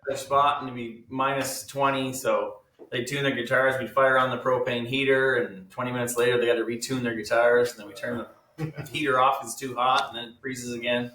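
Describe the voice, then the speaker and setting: A man's voice: medium pitch, flat delivery, fairly quick, bright, forceful tone. A man in a band, easygoing and telling stories casually from a basement studio. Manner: easygoing storyteller. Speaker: band member guest. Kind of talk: casual chat. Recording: roomy, distant mic, faint noise.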